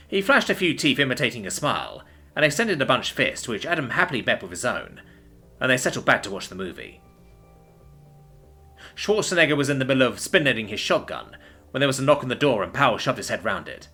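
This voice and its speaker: A man narrating a science fiction story in an expressive storytelling style. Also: medium pitch, fairly quick, faint music behind. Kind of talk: audiobook narration.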